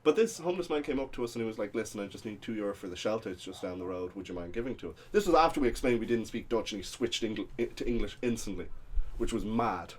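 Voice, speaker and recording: A man's voice: lowish voice, expressive, fast. A young Irish man co-hosting a podcast, telling rambling travel stories in casual chat with plenty of ums and uhs. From Ireland. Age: young adult. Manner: rambling anecdotal storytelling with many fillers. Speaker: podcast co-host.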